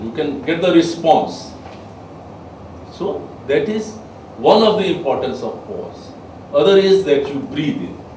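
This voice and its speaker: A man giving a soft skills lecture to a class, emphatic and quizzing his listeners. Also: a little high, slight background noise. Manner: emphatic, asks the class questions. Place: training room with a class. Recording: echoey room, mic far off.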